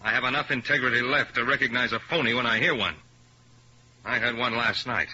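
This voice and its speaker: A man plays a bitter young pianist in a 1950s radio drama, delivering brisk, scornful and sarcastic lines as the character rejects his career. His voice is medium-pitched with a sharp tone, and the lo-fi old radio recording has a little hiss or hum.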